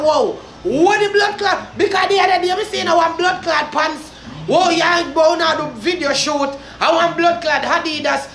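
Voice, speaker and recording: A young woman with a Jamaican accent ranting in heated, cursing commentary, swinging from low sorrow to shouting. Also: normal speed, echoey room, slight background noise. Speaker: vlogger.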